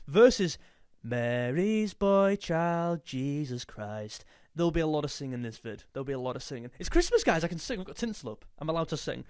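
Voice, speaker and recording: A young man with a fairly high, darkish, clean voice chats jokily on his music YouTube channel. He occasionally sings a snippet of a song, in clean studio sound without room sound.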